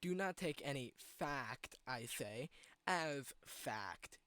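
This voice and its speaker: Bright-voiced sarcastic male comedy host. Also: medium pitch, expressive, slow pace, clean tone, dry recording. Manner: exasperated, sarcastic, swings into shouting. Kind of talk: comedic vlog rant.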